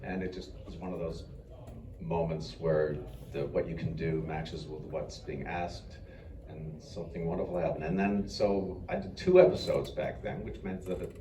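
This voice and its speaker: A man's voice: sits low, lively intonation, moderate pace. A man on a convention panel telling rambling, self-deprecating stories about his voice work, often chuckling as he talks. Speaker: voice actor panelist. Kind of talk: anecdotal panel talk. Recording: echoey hall recorded from far off with noise.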